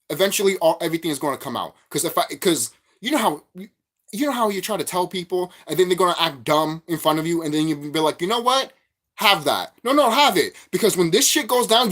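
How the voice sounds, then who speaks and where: A man delivers a preachy spiritual monologue to his vlog audience, full of profanity and repeated phrases. His pitch swings widely as he drives each point home, with no calm, even stretches. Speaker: vlogger.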